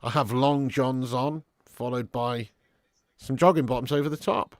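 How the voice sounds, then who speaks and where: A man's voice: medium pitch, normal speed, dry recording, clean studio sound. A man hosting a live football watch-along, talking in sweary, laddish banter and laughing often as he commentates and chats with viewers. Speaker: live stream host.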